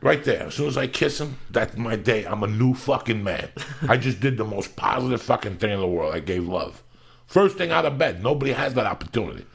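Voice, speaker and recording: A man in his fifties hosting a podcast, swearing freely and ranting loudly with sudden shouting bursts. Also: mid-range voice, lively intonation, brisk, gravelly. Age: 50s. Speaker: podcast host. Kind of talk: loose profane podcast rant.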